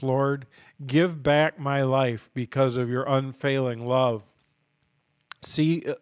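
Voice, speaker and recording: Man, scripture reading, earnest, unhurried, scratchy throat, voice going, smooth tone, dry close mic. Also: medium pitch, no echo. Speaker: Bible reading podcast host. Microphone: studio mic.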